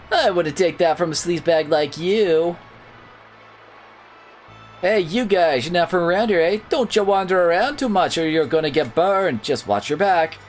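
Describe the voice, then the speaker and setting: A man's voice: a little high, unhurried, darkish tone, voice pushed up, close to an everyday voice. A man voicing a brash, cocky young male sailor in a game, attempting a Jamaican accent over faint background music. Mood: taunting.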